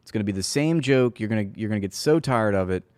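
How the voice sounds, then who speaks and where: A man hosting his own commentary show, speaking in a sarcastic, mocking tone. His voice sits on the low side and sounds dry and close, with no room around it. He laughs now and then at his own jokes. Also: lively intonation, fast talker, a little mellow, smooth, dry recording. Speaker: political commentary host. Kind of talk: casual commentary.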